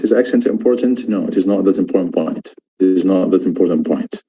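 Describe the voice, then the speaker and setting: A man's voice: fairly low pitch, dark tone, lo-fi sound. A man teaching an English exam course, explaining pronunciation and repeating key words as he demonstrates them. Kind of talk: online lecture.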